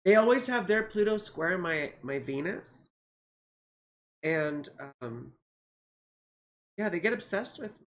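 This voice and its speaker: A woman's voice: lowish voice, lively intonation, slow pace, pauses often, slight background noise. An American woman in her forties, a goofy, rambling astrologer chatting casually on a livestream, swearing freely and sounding tired and a bit out of it. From United States. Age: 40s. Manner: tired, yawning, out of it. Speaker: astrologer doing live chart readings.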